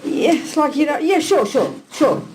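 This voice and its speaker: A woman giving a live question-and-answer Buddhist teaching to an audience in a hall. She talks in an animated, blunt, teasing way and fires off rhetorical questions. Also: high voice, normal speed, heavy background noise.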